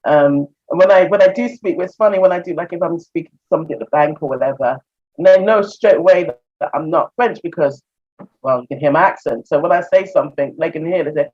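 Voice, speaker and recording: A woman's voice: deep voice, quick pace. A woman from England with an English accent, a counselor chatting as an interview guest, laughing often and acting out conversations. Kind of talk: casual video-call interview. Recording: muffled lo-fi audio.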